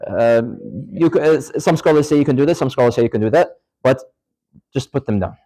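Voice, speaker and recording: A man teaches a class in a mosque, talking in a relaxed, informal way. He keeps asking the room questions and repeating his points. His pitch sits in an ordinary middle range, and short Arabic recitations slip into his talk. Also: brisk, low-quality recording. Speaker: religious teacher. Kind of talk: classroom lecture with live demonstration. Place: mosque hall.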